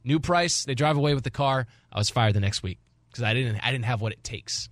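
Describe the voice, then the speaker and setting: A man's voice: mid-range voice, brisk, dry recording, clean studio sound. Male radio host telling a story. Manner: animated storyteller, acting out quotes. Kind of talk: casual radio chat and storytelling. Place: radio studio. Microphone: studio mic.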